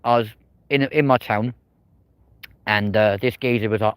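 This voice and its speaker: A man's voice: lowish voice, steady tone, brisk, smooth, no echo. A man with a southern English accent, hosting a casual night-time livestream outdoors, rambling and swearing freely as he chats. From England. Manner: rambling, swears freely, repeats "but there we go". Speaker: livestream host. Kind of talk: casual live-stream chat.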